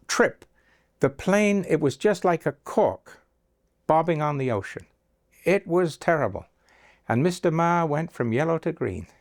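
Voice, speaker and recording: An older man recounts anecdotes in an interview, slipping into the voices of the people he quotes. His pitch sits in the middle for a man. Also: darkish tone. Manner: anecdotal, acts out quoted dialogue. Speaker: interviewee, agency founder. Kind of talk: storytelling interview.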